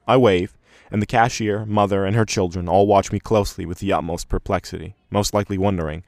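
Deep-voiced man narrating fiction. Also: steady tone, fairly quick, few pauses, a little mellow, no echo, studio quality. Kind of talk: first-person fiction narration.

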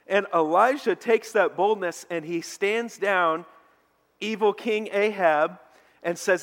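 High-voiced animated male preacher. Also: slow pace. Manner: animated storytelling preacher, mocking shouts in quoted lines. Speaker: pastor. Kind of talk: sermon. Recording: long hall reverb.

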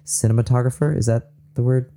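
A man's voice: mid-range voice, fairly even intonation, quick pace, warm tone. A young man from Southern California hosting a faith podcast, upbeat and eager, laughing often. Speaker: podcast host. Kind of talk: casual faith podcast talk.

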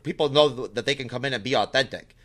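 Chatty guy guest on a podcast, talks quick, bright tense voice, lots of fillers. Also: medium pitch. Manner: laid-back, chatty, many fillers. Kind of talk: casual chat.

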